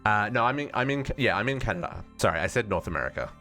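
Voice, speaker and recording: Australian male streamer, low-pitched, animated, chatty and self-correcting. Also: rapid-fire, faint music behind. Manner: thinking aloud, musing and self-correcting. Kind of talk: casual live-stream gaming chat.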